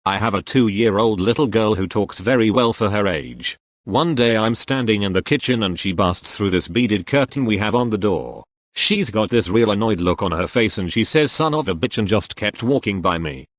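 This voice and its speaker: A man with a somewhat low voice reads short anecdotes aloud one after another. His delivery is steady and matter-of-fact, with a dry, close sound. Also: moderate pace, few pauses, no room sound. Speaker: narrator reading online posts.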